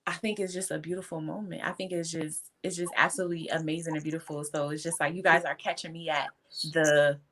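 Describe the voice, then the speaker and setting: Guest: fervent woman with a low voice, emotional testimony, close to tears. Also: level tone, fast, a bit bright. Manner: fervent, faith-filled, tearful. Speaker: guest entrepreneur.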